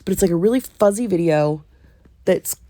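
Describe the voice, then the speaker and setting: A woman with a cold-stuffed nose recaps a timeline for a casual podcast, pausing often to ask "okay?" and "right?". Her voice is dry and close, with no room sound around it. She was recorded on a phone in a small cabin. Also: lowish voice, warm tone, no room sound. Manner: recounts a timeline step by step, checking in with "okay?" and "right?". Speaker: podcast co-host. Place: ship cabin on vacation.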